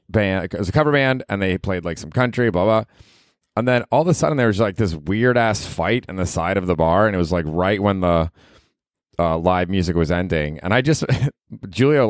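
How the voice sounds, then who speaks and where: A young comedian hosts his own casual solo podcast from a small apartment, telling rambling, profane stories in a loose way. His lowish voice comes through at studio quality with no echo.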